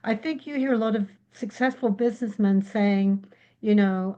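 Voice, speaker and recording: A woman from England, a psychic guest in a casual interview, who tells lively stories and acts out the voices she quotes. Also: mid-range voice, normal speed, lo-fi sound. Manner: animated storyteller, acts out quotes.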